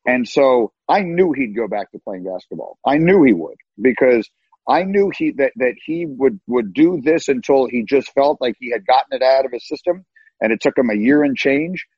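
A man's voice: medium pitch, lively intonation, normal speed, husky, no echo. A man telling sports stories as a podcast guest, emphatic and given to repeating words as he starts sentences. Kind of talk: animated storytelling. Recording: dull lo-fi, dry.

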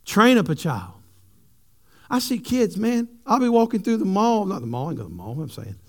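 A male pastor, preaching a sermon with animated, humorous stories for his congregation. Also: sits high, fairly quick. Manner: animated storytelling, jokes with the congregation.

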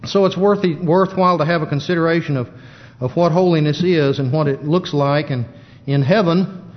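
A man giving a plain-spoken Bible teaching in a halting style with many fillers, recorded in a church. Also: on the high side. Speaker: preacher. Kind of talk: sermon. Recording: dull lo-fi church recording with long reverb.

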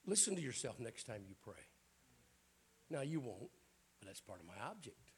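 A man's voice: medium pitch, very animated, moderate pace, breathy edge. An older man with a Southern accent preaching a sermon in a folksy, joking way. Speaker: bishop preaching.

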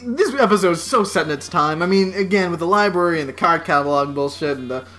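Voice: mid-range voice, lively intonation, fast, fairly bright tone, soft background music. A podcast co-host in casual comedic chat who laughs often, swears freely and quotes characters in offhand voices.

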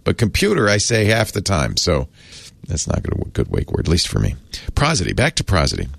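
A man's voice: low voice, wildly swooping pitch, brisk, gravelly, no echo. A man hosting a casual explainer, talking in a chatty, wry way that often trails off and restarts. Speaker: host explaining a word of the day.

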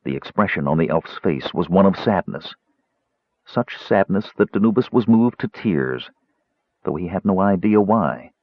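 Man reading a fantasy book, lively low voice, dull dry lo-fi sound. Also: moderate pace, dry recording. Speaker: audiobook narrator. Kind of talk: scripted fantasy narration.

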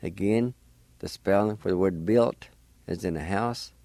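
A man hosting a radio language lesson, slowly spelling words letter by letter and repeating each one. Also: deep voice, creaky, mellow, dry recording. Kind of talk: slow spelling and pronunciation lesson.

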